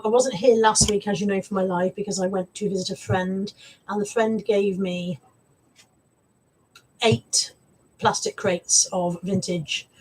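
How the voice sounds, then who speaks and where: A woman's voice: mid-range voice, darkish tone, husky. A woman hosting a casual live stream from home, greeting viewers by name in a chatty way. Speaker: live stream host, reseller. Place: home room.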